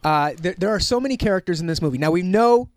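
A man's voice: sits high, animated, fast talker, no echo. A man co-hosting a casual radio chat show, joking and rambling between topics. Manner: joking, rambling, puts on silly voices. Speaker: radio host.

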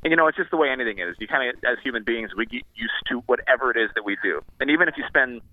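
A man's voice: medium pitch, animated, very fast, no room sound. A man, an actor, chatting upbeat as a guest on a radio show by phone while boarding a plane. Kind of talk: phone interview. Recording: tinny phone line.

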